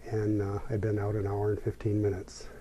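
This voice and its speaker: A man telling a personal story as an interview guest, in a reflective, unhurried way. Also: on the low side, monotone, warm tone, a little hiss or hum.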